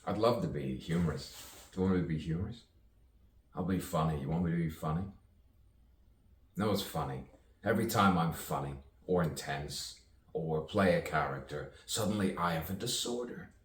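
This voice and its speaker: With a low, expressive voice at normal speed, a man records himself musing in a rambling, sardonic monologue. He questions himself and laughs at his own expense, captured by a distant mic in an echoey room with faint noise behind him.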